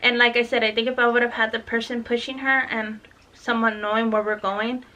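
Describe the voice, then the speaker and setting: A mother vlogs casually about her daughter in a fairly high, level, pushed and bright voice at a fairly quick pace. Still tired and lightheaded, she tells a rambling story, swearing and acting out the dialogue.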